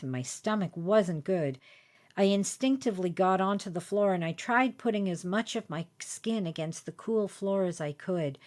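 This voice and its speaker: A woman's voice: fairly low pitch, darkish tone. A woman hosting a podcast, telling a personal story in a chatty, self-deprecating way. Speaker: podcast host.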